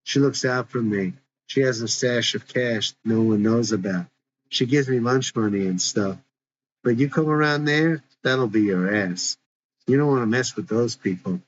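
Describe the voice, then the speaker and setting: A man's voice: medium pitch, normal speed, lightly acted. A man voicing a tough, distrustful teenage girl who talks bluntly and with slang, in a dull lo-fi recording.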